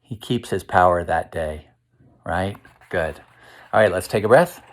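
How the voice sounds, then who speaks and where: Slow-paced man reading a children's book aloud, gentle and questioning, leading kids through breaths. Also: sits low. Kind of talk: interactive read-aloud for kids.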